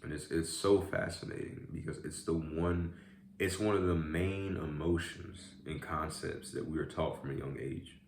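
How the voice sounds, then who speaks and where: A man's voice: very deep voice, fairly even intonation, normal speed, echoey room, slight background noise. A young man vlogging in a casual, rambling way while eating, often saying "man" and "y'all". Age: young adult. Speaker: YouTube vlogger. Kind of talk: casual mukbang chat.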